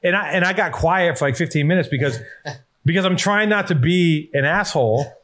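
A man's voice: on the high side, fairly quick, fairly bright tone. A man hosting a podcast, telling a rambling, profane story in casual chat and reading an ad. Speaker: podcast host.

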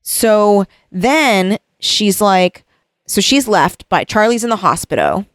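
A woman in casual conversation retelling a novel's plot, now and then reading passages aloud in a soft voice. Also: mid-range voice, expressive, takes it slowly, dry recording, studio quality. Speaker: book discussion co-host. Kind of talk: casual chat.

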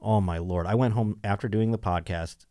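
A man hosting a comedy podcast, telling a story in a casual, animated way and acting out the people in it. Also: lowish voice, moderate pace, no room sound, clean studio sound. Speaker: podcast host.

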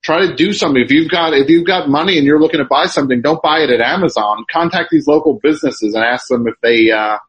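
A man hosts a casual chat and rambles through stories with many restarts. His voice sounds a little husky. The recording is dull and lo-fi. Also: on the high side, quick pace, few pauses. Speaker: radio show host.

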